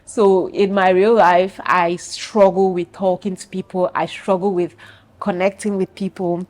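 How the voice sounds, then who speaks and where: A woman's voice: fairly low pitch, little pitch movement, measured pace, a little mellow. A woman in her thirties from Cameroon with a Cameroonian accent, speaking frankly and confidingly to her viewers in a personal vlog. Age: 30s. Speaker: vlogger.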